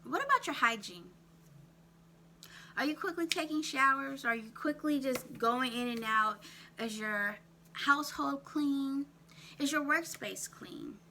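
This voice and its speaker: Woman self-care coach, slow deliberate pace, bright voice, faint hum behind. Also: sits high, vocal fry. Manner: asks viewers rapid questions, repeats "write that down". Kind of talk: direct-to-camera coaching talk.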